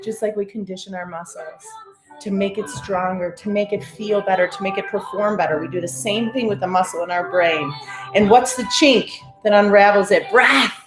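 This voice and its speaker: A middle-aged woman leads a live-streamed breathing and affirmation session with an energetic, encouraging drive, calling out viewers by name. Her voice sits in a roomy, echoey space. Faint music plays underneath. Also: medium pitch, moderate pace.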